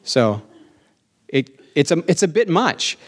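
A middle-aged male pastor delivers an animated, emphatic sermon. He asks the congregation for amens and slows down to stress key lines, his pitch rising on them.

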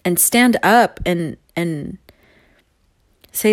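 A woman's voice: lowish voice, expressive, takes it slowly, pauses often, no echo. Earnest rambling woman vlogger, dry sound. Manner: rambling, earnest, laughs often, swears casually. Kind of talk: casual monologue to viewers.

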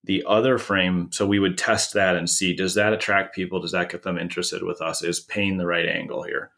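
A man's voice: low-pitched, steady tone, a little fast, creaky, bright, forceful tone. A man from the United States explaining a marketing idea in a conversational podcast, with many restarts. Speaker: marketing consultant.

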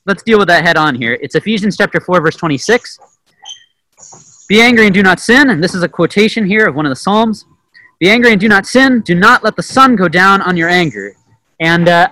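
A young adult man preaching in an easy, conversational way. His voice sits high and bright and swings widely in pitch. The sound is close and dry, with no room echo. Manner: conversational, animated, often asks "right?"; dramatic acted-out quotes with sudden loud bursts. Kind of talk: informal sermon teaching.

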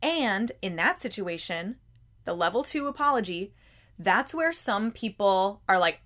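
A woman's voice: mid-range voice, expressive, unhurried, a bit bright. A woman hosting a self-help podcast, talking conversationally with emphatic rhetorical questions and frequent repeated words. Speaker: podcast host.

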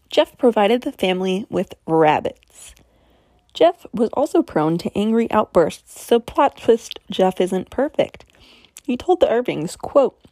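Casual female storyteller, wry and doubtful, mid pitch, dry close sound. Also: dark tone, dry recording. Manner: skeptical, wry asides. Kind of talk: casual true-mystery storytelling.

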